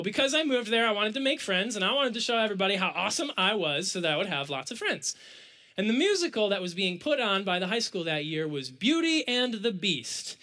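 A young man giving a sermon, telling a personal story with big swings from excited shouts to hushed, quiet asides. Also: high-pitched.

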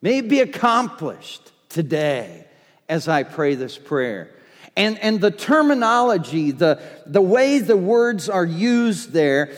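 High-pitched preacher man, slow deliberate delivery, emphatic repeats, big echoey hall sound. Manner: emphatic, repeating declarations, rising in force. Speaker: pastor. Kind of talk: sermon.

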